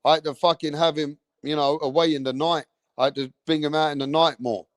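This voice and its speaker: A man, hosting a live stream, telling rambling stories in an animated way, swearing often and tagging lines with "bruv". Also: a little high, brisk, dry recording, studio quality. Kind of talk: rambling storytelling.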